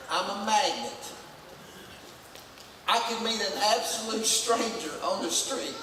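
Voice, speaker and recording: Male pastor, folksy, punchy, booming sanctuary echo, faint room hiss. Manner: folksy, emphatic preaching with rising shouts. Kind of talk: sermon. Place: church sanctuary. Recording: echoey church hall from far off.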